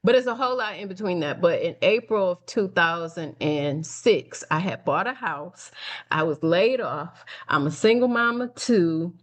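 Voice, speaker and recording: A woman's voice: on the low side, moderate pace. A middle-aged woman from Detroit telling her story as an interview guest, acting out the voices of people she quotes and laughing easily. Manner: animated, acts out quoted dialogue, laughs easily. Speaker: guest, nonprofit founder and speaker. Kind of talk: conversational storytelling.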